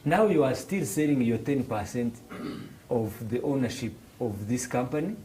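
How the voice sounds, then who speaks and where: A man speaks at a normal speed in a medium pitch with a Rwandan English accent, on a low-quality recording with a little hiss or hum. In a classroom explanation, this financial literacy instructor covers financial markets, animatedly acting out little dialogues in raised voices and restarting his phrases.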